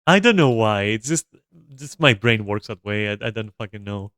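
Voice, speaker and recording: A man's voice: fairly low pitch, lively intonation, moderate pace, a bit bright, no echo, studio quality. A young man streaming a video game, chatting casually to his viewers in a rambling, swearing, laugh-prone way. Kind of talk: casual gameplay commentary to chat.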